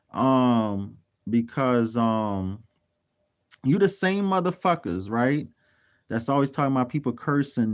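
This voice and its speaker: Man, livestream talk, profane, blunt, preachy, ranting in bursts, average pitch. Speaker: real estate mentor.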